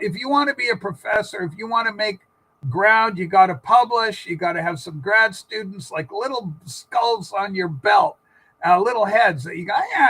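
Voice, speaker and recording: High, bright-voiced rambling male co-host. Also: husky, rough recording. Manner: rambling storyteller, many fillers and restarts. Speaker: political livestream co-host. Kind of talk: casual political chat.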